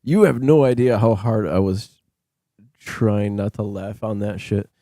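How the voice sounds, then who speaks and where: A man's voice: fairly low pitch, unhurried, warm tone, no echo, clean studio sound. A man scambaiting on a live stream, talking casually and chuckling between calls. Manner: amused, chuckling to himself.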